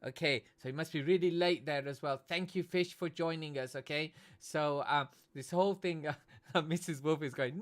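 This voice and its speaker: A man from Britain hosts a relaxed live stream, talking straight to his viewers. He keeps tagging "okay?" onto nearly every phrase. His voice sits a little above the usual male range. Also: on the high side, normal speed. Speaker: livestream host and esports commentator. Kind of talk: casual live-stream chat.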